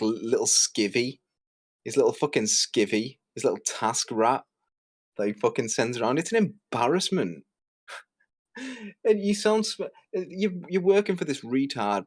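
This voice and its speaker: A man hosting a commentary video, ranting sarcastically with lots of swearing and sudden jumps in pitch. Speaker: commentary host.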